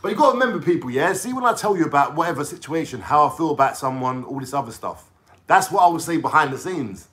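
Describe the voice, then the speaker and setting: A man's voice: fairly high pitch, lively intonation, quick pace, fairly bright tone. Rambling young London man telling a story. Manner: rambling, slangy, keeps checking in with "yeah?". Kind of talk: casual storytelling vlog.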